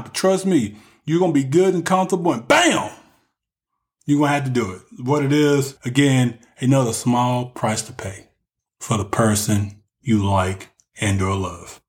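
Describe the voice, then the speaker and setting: Man joking through relationship advice. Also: on the high side. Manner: joking, talks straight to the men in the audience. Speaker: vlogger giving relationship advice. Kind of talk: casual advice monologue.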